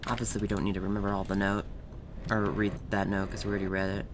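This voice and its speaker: A man's voice: low voice, flat delivery, quick pace, background noise. Emotional man commentating a game. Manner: emotional, swings from hushed whispers to loud cheering. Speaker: game streamer. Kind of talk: let's play commentary.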